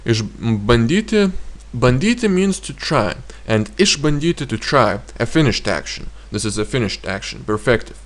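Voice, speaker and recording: A man with a Lithuanian accent teaching grammar in a slow, halting way with frequent fillers. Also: medium pitch, big pitch swings. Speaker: language teacher.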